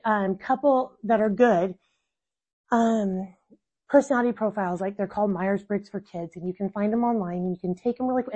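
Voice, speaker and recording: A woman in her thirties, a mother talking in an animated, casual way about parenting. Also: medium pitch. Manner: animated, acts out quoted family dialogue. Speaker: mother and guest. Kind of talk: casual conversation.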